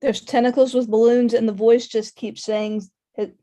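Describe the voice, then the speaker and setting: Brief: calm woman player with a warm, low-key tone. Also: normal speed. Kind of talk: tabletop game play.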